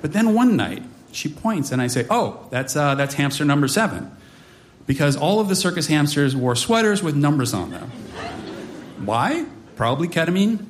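A man in his forties tells a personal story live on stage, wry and animated. His voice sits a little high for a man and swoops widely as he leans into mock-dramatic asides. A faint ambient noise hangs beneath him. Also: normal speed. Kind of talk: live comic storytelling to an audience.

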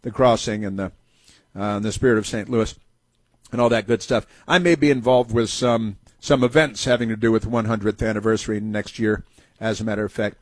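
A man's voice: on the low side, steady tone, brisk, no echo. A man hosting a talk radio show, delivering an opinionated, sarcastic monologue full of fillers and mocking asides.

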